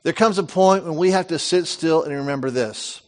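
A middle-aged man preaching a sermon, reading scripture aloud and breaking off into lively asides and family stories. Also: on the high side, moderate pace. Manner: animated storytelling, reads scripture with lively asides. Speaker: pastor.

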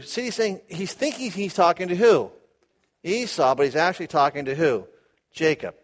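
A man teaching the Bible verse by verse, animated, asking his listeners questions and acting out the quotes. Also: on the high side, moderate pace. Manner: animated, asks the audience questions, acts out quotes.

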